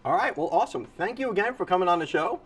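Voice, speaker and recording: A man's voice: high voice, lively intonation, racing, a little hiss or hum. A man hosting a morning TV show, chatting with guests and often repeating their words back. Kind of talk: casual TV interview.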